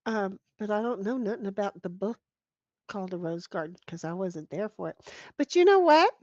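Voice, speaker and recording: A woman's voice: medium pitch, animated, normal speed, darkish tone, no echo, dull audio. A middle-aged woman hosting a casual livestream from home, reading chat aloud and rambling in a frank, salty way with many restarts. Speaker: streamer host. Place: at home with her dogs. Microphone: computer mic at a desk.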